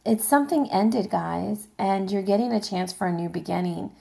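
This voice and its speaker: A woman's voice: medium pitch, moderate pace, creaky, warm tone. A woman giving a casual tarot reading, chatting straight to her viewers with loose fillers. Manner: chatty, addresses viewers directly, frequent fillers and laughs. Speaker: tarot reader.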